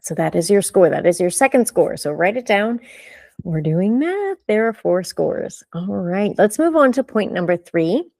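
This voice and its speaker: Animated woman coaching on vocal delivery. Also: mid-range voice, normal speed, vocal fry, dry recording, studio quality. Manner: animated, emphatic, asks many rhetorical questions. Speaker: voice and speaking coach. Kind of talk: live online coaching session.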